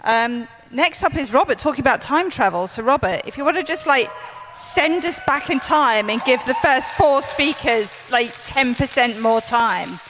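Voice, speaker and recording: A woman's voice: high-pitched, expressive, normal speed, a bit bright, soft background music. A woman hosting a series of talks, chatty and teasing as she introduces speakers. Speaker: event host. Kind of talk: casual stage hosting.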